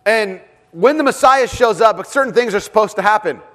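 Slightly high-voiced man preaching dramatically. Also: moderate pace. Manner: dramatic, drops to a hush for emphasis. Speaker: pastor. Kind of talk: sermon. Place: church with several rooms.

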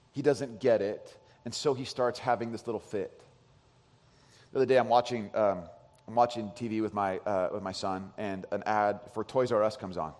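This thirties-aged pastor has a voice on the low side and preaches a sermon full of lively storytelling, even voicing his son. His volume rises and falls from loud to quiet, echoing with long reverb through a large church hall.

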